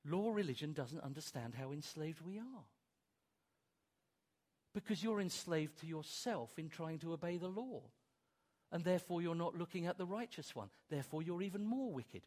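Guy preaching a sermon, pretty high voice, swings all over the place, repeats his points hard. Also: moderate pace. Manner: animated, rising to emphatic repeated declarations; plays out imagined objections in dialogue.

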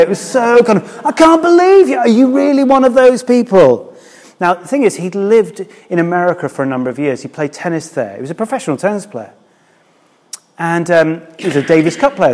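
A man's voice: high-pitched, darkish tone, in a large hall. A man, a church minister, preaching a sermon in a candid, conversational way.

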